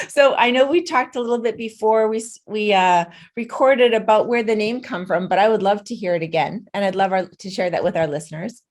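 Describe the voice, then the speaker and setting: A woman's voice: mid-range voice, fairly quick, hardly any pauses. Upbeat woman hosting an interview podcast. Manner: enthusiastic, upbeat. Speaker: podcast host.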